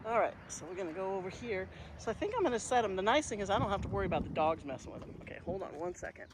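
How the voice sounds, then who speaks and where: A woman's voice: mid-range voice, lively intonation, rapid-fire. Chatty woman gardening outdoors. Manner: chatty, thinking aloud, soft-spoken asides. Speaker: gardening vlogger. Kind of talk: casual narration while working. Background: passing traffic.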